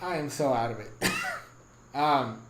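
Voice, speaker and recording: A man's voice: medium pitch, measured pace, roomy sound, background noise. A man giving a casual, rambling game review, swearing constantly and getting heated, with bursts of laughter.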